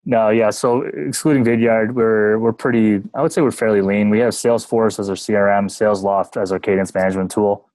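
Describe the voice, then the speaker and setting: A Canadian man guesting on a business podcast talks casually in a lowish voice. He is relaxed and chatty and laughs easily. The sound is dry and close, with no room around it. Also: fairly quick, hardly any pauses, no echo, rough recording. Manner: relaxed and talkative, laughs easily, jokes about himself. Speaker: podcast guest, sales development manager.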